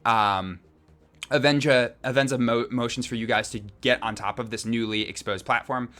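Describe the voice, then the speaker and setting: A man's voice: medium pitch, steady tone, normal speed, bright, forceful tone. A man narrating as game master of a tabletop game, rambling and descriptive with many restarts.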